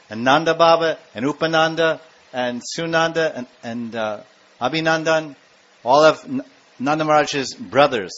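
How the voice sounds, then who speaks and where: A man giving a devotional talk, telling sacred stories in an animated way and turning to the listeners with questions. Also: fairly high pitch. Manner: animated storyteller acting out scenes, with asides to the audience. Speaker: spiritual speaker. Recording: dull lo-fi recording.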